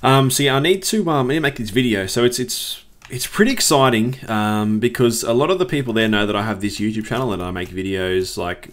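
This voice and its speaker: A man's voice: medium pitch, brisk, few pauses, a bit bright. A young man giving casual gameplay commentary as a let's play host, chatting in a rambling way and swearing when frustrated.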